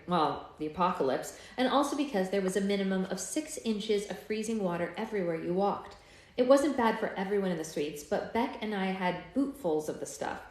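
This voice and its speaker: A woman's voice: mid-range voice, darkish tone. A woman hosting a live book club, chatting casually and reading a novel aloud with offhand asides. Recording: echoey room.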